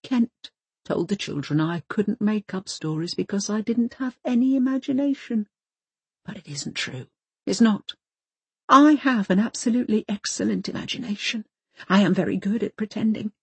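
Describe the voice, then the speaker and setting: A woman's voice: mid-range voice, animated, moderate pace, husky, dry recording, voice pushed up. A woman reading an audiobook voices a prim, fussy older wife who speaks in precise, insistent, formal phrases.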